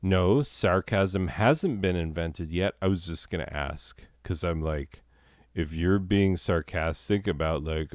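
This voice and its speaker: Low voiced guy hosting a comedy bit, rambly and self-mocking, slow drawl, dry sound. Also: darkish tone, dry recording. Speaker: comedy show host. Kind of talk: improvised comedy banter.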